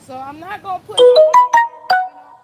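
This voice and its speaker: A woman's voice: very high voice, moderate pace, soft background music. A woman, filming herself outdoors in her garden on a phone and chatting casually to her viewers while she sprays her plants, a little out of breath. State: slightly out of breath. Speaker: gardening vlogger.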